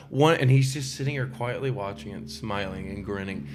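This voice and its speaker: A man, a stand-up comedian, telling animated stories in casual podcast chat and acting out the voices of the people in them. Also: fairly low pitch, brisk, slight background noise. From United States. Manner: animated storyteller, acts out quoted voices.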